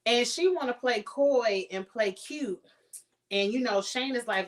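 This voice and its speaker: A woman's voice: a little high, measured pace, low-quality recording. Woman, casual TV recap host, chatty and playful, sassy asides. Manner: chatty, playful, acts out quotes in sassy voices. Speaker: show reviewer.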